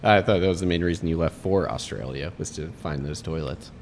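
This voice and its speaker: Low-voiced joking male podcast host. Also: brisk, a little mellow, slight background noise. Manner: joking, teasing, wry asides. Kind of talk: casual chat.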